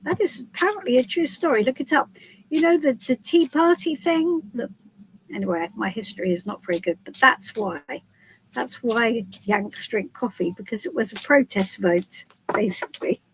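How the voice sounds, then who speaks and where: A woman's voice: fairly high pitch, expressive, moderate pace, a little hiss or hum. A British woman hosting a live tarot stream, chatting casually in a rambling, giggly way. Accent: British English. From Britain.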